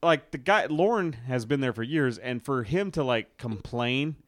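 Male podcast host, mid-pitched, rambling and crude, dry sound. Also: expressive, measured pace, no echo. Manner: rambling, profane, many restarts. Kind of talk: casual chat.

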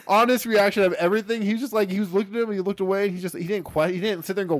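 A young man in casual chat, retelling a film plot in an animated, profane way. He laughs often and acts out the characters' lines. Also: sits high, racing, hardly any pauses, no room sound, studio quality. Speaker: podcast co-host.

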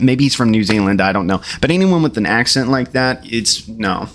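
A man's voice: expressive, normal speed, hardly any pauses, a bit bright. A man hosting a podcast, talking bluntly and profanely as he mocks clips he reacts to. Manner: blunt, profane, mocking; mimics rappers in a high voice. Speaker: podcast host. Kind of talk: casual commentary reacting to clips.

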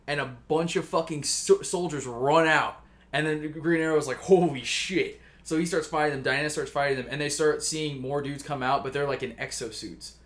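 A man casually pitching a story on a chat show, rambling and swearing, acting out the characters' lines. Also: fairly even intonation, a little fast, fairly bright tone. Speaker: podcast co-host pitching a story.

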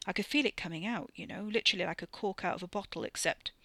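A woman's voice: mid-range voice, fast, pushed and bright, no echo. A woman doing a blunt, crude young man. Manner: gruff, offhand, swearing casually.

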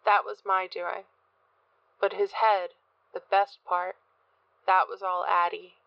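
A woman reading a first-person horror story as narrator in a measured, dark manner. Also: medium pitch, flat delivery, vocal fry, clear, resonant tone, dry recording, dull audio. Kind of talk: scripted horror audiobook narration.

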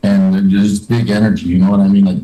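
A man's voice: sits low, little pitch movement, fast, warm tone, rough recording. A young man chatting on a podcast in a loose, rambling way, restarting his sentences often. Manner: rambling, many restarts and fillers. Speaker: podcast host. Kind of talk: casual podcast chat.

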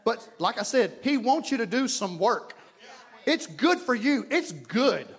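A man preaching a fervent sermon as pastor in a church, sometimes shouting and acting out prayers. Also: extremely high pitch, sing-song, unhurried, slightly rough. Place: church sanctuary.

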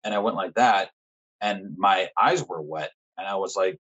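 A young man as a podcast guest, frankly telling a personal story in casual conversation, swearing often and pausing with fillers. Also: sits low, fairly bright tone, slightly rough, dull audio.

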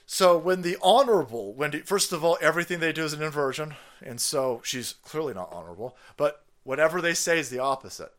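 A man's voice: fairly high pitch, expressive, a little fast, hardly any pauses, a bit bright. A man hosting a stream, ranting in angry, swearing, mocking commentary on a played clip. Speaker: stream host.

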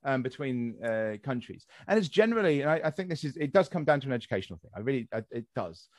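Lively ranting young Englishman, podcast host. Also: mid-range voice, fast, no echo, studio quality. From England. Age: young adult. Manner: ranting, swears freely, animated. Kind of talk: casual podcast chat.

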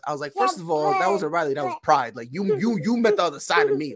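A young man co-hosting a podcast in casual chat, an animated storyteller who acts out the dialogue. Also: high voice, quick pace, hardly any pauses, crowd noise. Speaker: podcast co-host.

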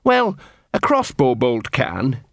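A man's voice: mid-range voice, wildly swooping pitch, slow pace, gravelly, no room sound, studio quality, exaggerated voice. A man voicing a grumbling, fretful middle-aged watch sergeant in an audiobook reading.

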